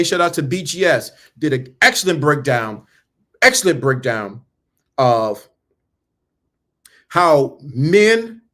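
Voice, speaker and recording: On his own channel, a man in his fifties lectures bluntly, circling back to the same lines again and again while mocking those he's turning away. His motivational monologue is preachy, and his fairly bright voice sits slightly high for a man.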